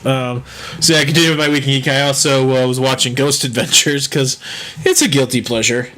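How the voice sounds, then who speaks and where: A man's voice: mid-range voice, fairly even intonation, fairly quick, a bit bright, slight background noise. A man co-hosting a casual podcast chat, rambling along with lots of fillers and easy laughter. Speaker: podcast co-host.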